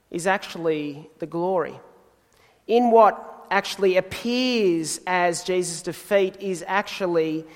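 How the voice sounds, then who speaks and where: A man preaching a sermon in a measured, deliberate way, pausing for emphasis. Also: high voice, big-room sound.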